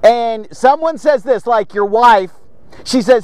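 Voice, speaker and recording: High-voiced chatty preacher man. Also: moderate pace, darkish tone, no echo. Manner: chatty, repeats "okay?" often, jokey asides. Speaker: devotional podcast host. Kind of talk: casual spoken devotional. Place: outdoors, sitting in a chair in a lot. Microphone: phone.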